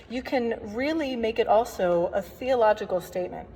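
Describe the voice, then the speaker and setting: A woman's voice: on the high side, lively intonation, normal speed, warm tone, breathy edge. Woman organist teaching in an echoing church. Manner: friendly, chatty explaining with playful asides. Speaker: organist teaching hymn playing. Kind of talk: recorded workshop lesson. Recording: long reverb, faint background noise.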